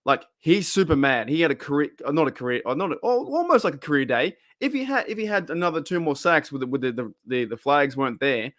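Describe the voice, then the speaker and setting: An Australian man in his younger years talks through a live fan stream in a loose, excitable ramble. He swears casually, restarts his sentences often and lets his enthusiasm carry him. His voice sits slightly higher than most men's. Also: quick pace, few pauses, dry recording, clean studio sound. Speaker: fan podcast host.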